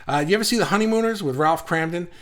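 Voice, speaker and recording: Racing along in a high, somewhat bright voice, a live-stream host reads out viewer comments and riffs on them casually, rambling and poking fun at himself.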